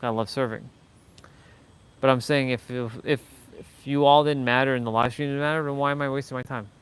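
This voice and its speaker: A man's voice: medium pitch, fairly even intonation, a little fast, clear, resonant tone. A man hosting a motivational livestream, talking in a blunt, rambling way with many restarts and fillers. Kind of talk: casual live-stream monologue.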